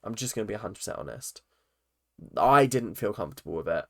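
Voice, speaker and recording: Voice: medium pitch, lively intonation, fast talker, gravelly, no room sound, studio quality. Blunt, opinionated vlogger ranting. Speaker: reaction vlogger. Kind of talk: ranting reality-TV commentary.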